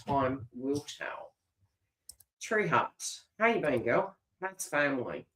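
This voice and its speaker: A woman's voice: very deep voice, very animated, slow pace, a bit bright, slight background noise. A middle-aged Australian woman giving a live tarot reading and chatting casually, laughing often and restarting her phrases. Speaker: tarot reader. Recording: roomy echo.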